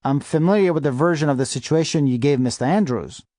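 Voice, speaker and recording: A man's voice: fairly high pitch, fast talker, warm tone, no echo, clean studio sound, lightly acted. A man voicing a chubby, affable middle-aged male lawyer in an audiobook, chatty and full of apologies, a little wheezy. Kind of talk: audiobook character voice.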